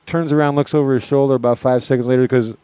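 A man spins long, rambling stories in a casual chat, full of swearing and asides. His voice sits at a middling pitch for a man. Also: steady tone, fast talker, dark tone, clean tone, dry recording. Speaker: festival security worker.

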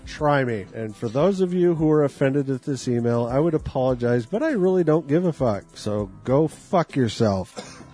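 A man's voice: medium pitch, lively intonation, a little fast, hardly any pauses, dark tone, breathy edge, faint music behind. A man performing a comic dramatic reading of an angry email, delivering it as a furious, profane rant. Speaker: reader.

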